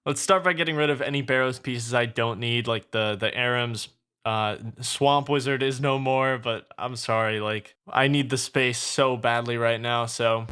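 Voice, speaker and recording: Bright-voiced young man narrating gameplay. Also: medium pitch, moderate pace, clean tone. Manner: chatty, excitable, talks to the viewer. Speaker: gaming video creator. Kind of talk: gameplay commentary.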